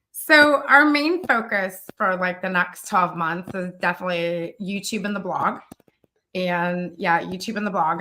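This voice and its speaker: A woman from the American South hosting a casual live-stream chat as a business coach, talking in an animated way with many fillers. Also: fairly low pitch. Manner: chatty, animated, frequent fillers and laughs. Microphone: studio live-stream mic.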